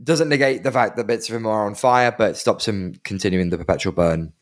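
Low-ish male game master; loose, playful, rambling delivery. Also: a little fast. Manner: playful, rambling narration with slips and laughs. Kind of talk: narrating a tabletop game.

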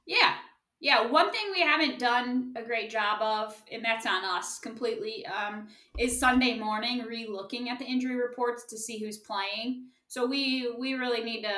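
A woman's voice: fairly high pitch, normal speed, sharp tone. Upbeat woman in an echoey room. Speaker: podcast co-host. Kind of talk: casual chat.

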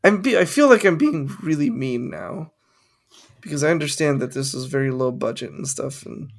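A man's voice: on the high side, expressive, moderate pace, vocal fry. A young man co-hosting a podcast, rambling and swearing casually as he riffs on ideas and laughs at his own jokes. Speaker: podcast co-host. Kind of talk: casual chat.

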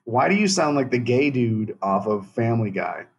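A man's voice: mid-range voice, lively intonation, normal speed. A man co-hosting a casual podcast, crude and blunt, laughing often. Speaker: podcast co-host. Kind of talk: casual chat.

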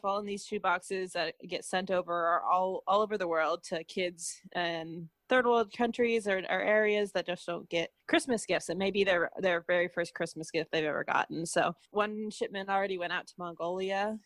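A woman's voice: mid-range voice, a bit bright, dry recording. A woman co-hosting a casual podcast chat, talking at length in a chatty, explaining way. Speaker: podcast co-host.

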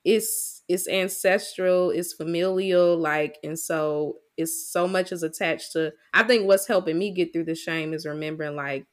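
A woman's voice: on the low side, fairly even intonation, measured pace, few pauses. A woman with a Southern US accent interviewing a poet, earnest and conversational.

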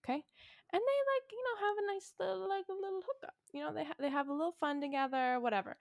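A woman's voice: very high-pitched, fast, gravelly, no echo, studio quality. A young woman co-hosting a podcast, telling a made-up story in a rambling, casual way full of "like" and "okay". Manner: rambling, filler-heavy storytelling, lots of "like" and "okay". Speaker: podcast co-host. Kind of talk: casual chat.

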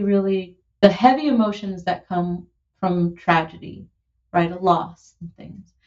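A woman in her thirties, a musician being interviewed, talking in an animated, heartfelt way with lots of "like" and "you know". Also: medium pitch, lo-fi sound. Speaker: musician and producer, guest. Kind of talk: conversational interview.

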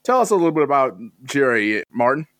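A man hosting a podcast in a relaxed, joking way, putting questions to his co-hosts. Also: medium pitch, fast, dry recording. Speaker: podcast host. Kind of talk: casual chat.

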